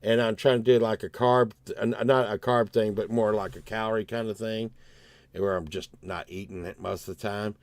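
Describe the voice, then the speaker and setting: A man's voice: lowish voice, steady tone, moderate pace, darkish tone, no echo. A man, telling a rambling, profane story on his livestream and acting out both sides of the argument.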